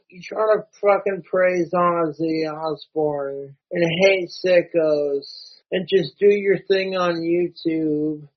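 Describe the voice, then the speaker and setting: High-voiced, slow-ranting tipsy man. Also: highs cut off. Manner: profane, rambling, swears constantly. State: tipsy from drinking. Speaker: YouTuber. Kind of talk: ranting vlog monologue.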